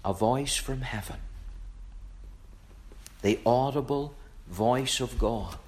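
A man preaching a sermon in a measured, emphatic way, repeating phrases for weight. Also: medium pitch.

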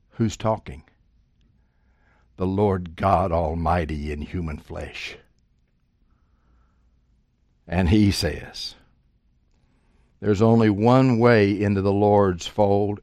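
A man preaching a sermon, swinging from quiet asides to loud, emphatic quotations of scripture. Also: on the low side, no echo, studio quality.

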